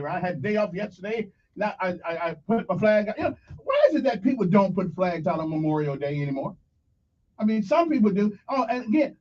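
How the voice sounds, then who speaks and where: Animated high-voiced radio host. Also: male voice. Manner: animated, jokey, talks straight to listeners. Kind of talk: morning radio talk. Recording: dull lo-fi radio sound, slightly distant.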